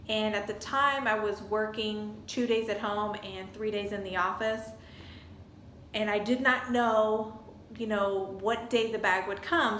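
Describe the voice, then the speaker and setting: Woman vlogger, lively casual storytelling, mid pitch, roomy echo. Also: a little hiss or hum. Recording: echoey room with faint ambience.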